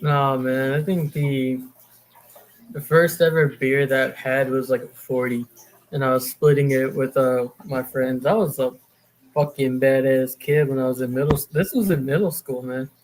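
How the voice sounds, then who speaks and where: A man's voice: mid-range voice, steady tone, moderate pace. A man co-hosting a podcast, reminiscing in a laid-back, profane casual chat. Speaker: podcast co-host.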